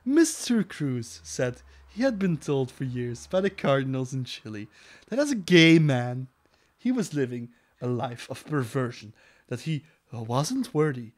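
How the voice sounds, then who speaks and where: A man's voice: mid-range voice, sing-song, measured pace. A man co-hosting a crude comedy podcast, reading news articles aloud and breaking off into profane, sarcastic asides.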